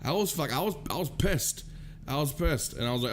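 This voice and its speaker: A man hosting a casual talk show, telling a story in a profane, animated way. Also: fairly high pitch, a little fast, heavy background noise.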